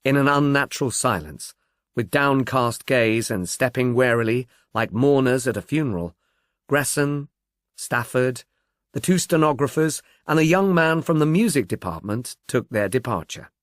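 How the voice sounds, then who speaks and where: A man narrates a detective novel in a measured, expressive way, his medium-pitched voice rising and falling freely. The recording is dry and close, with no room sound. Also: dry recording.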